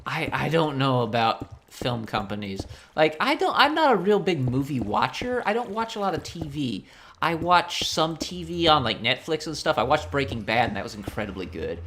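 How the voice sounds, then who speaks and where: A man hosting a game video, ranting in an animated, incredulous way. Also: on the high side, moderate pace, slight background noise. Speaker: gaming channel host. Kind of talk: casual let's-play rant.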